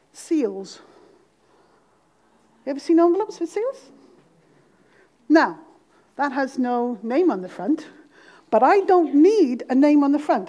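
A middle-aged Welsh woman with a Welsh accent, preaching a sermon to a congregation with humor and dramatic pauses. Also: high-pitched, a little mellow. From Wales.

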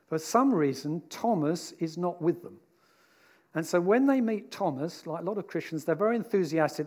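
A man giving a sermon in a relaxed, conversational way. His voice sits a little high for a man, and he often slips into the voices of the people in his story. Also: normal speed. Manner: conversational and animated, voicing the disciples. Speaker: preacher.

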